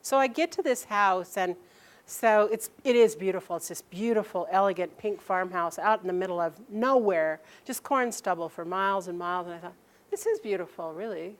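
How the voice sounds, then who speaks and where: With a mid-range voice, a woman recounts something that happened to her, stopping and restarting sentences and giving voice to the people she quotes.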